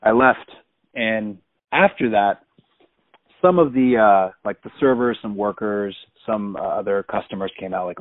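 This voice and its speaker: A man's voice: lowish voice, measured pace, no room sound. A man in his thirties animatedly and emphatically retelling a personal story. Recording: dry tinny phone-like sound.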